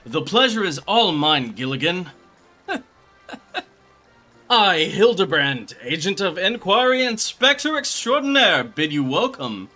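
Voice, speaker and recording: A man voicing a pompous, grandiose male inspector from a game, loud and theatrical. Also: sing-song, slow, faint music behind, full character voice. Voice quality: high, booming, theatrical. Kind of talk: reading game dialogue aloud in voices.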